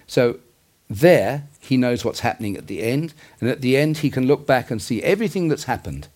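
A man's voice: medium pitch, animated, normal speed, a little mellow. A man preaching a sermon in an earnest, conversational way, with asides and self-corrections.

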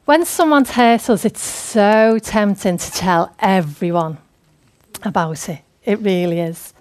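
A woman's voice: medium pitch, slow, darkish tone. A woman giving a conversational, earnest sermon. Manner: conversational, earnest, laughing often. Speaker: preacher.

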